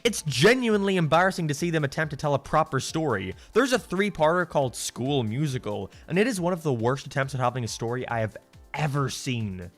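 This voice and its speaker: A man's voice: a little high, expressive, brisk, a bit bright, faint music behind. Exasperated man ranting a cartoon review. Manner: sarcastic, exasperated, profane.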